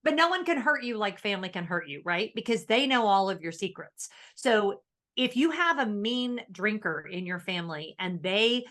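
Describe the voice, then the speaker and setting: A woman co-hosting a podcast in casual chat, animated and thoughtful as she explains. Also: mid-range voice, moderate pace. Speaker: podcast co-host.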